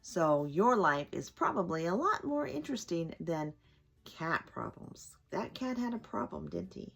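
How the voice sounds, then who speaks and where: Woman storyteller, slow, lively bedtime reading with children's questions. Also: fairly low pitch, vocal fry, husky. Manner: gentle, asks children questions.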